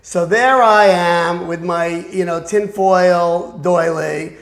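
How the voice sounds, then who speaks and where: A man's voice: sits high, slow pace. An older man telling anecdotes as a guest in an interview, acting out the voices of the people in his stories. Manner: animated storyteller who acts out other people's voices. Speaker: guest recalling a music career. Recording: echoey room.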